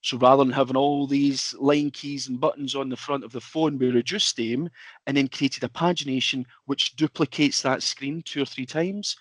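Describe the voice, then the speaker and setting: A man's voice: mid-range voice, no room sound. A man presenting a product in a webinar from his home office, talking informally with lots of fillers. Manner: chatty, informal, filler-heavy.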